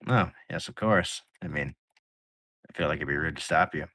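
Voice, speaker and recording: A man voicing a polite, smooth-talking man in a suit at a bar in a tabletop game. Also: a bass voice, normal speed, bright, forceful tone, no room sound, heavily acted. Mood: courteous.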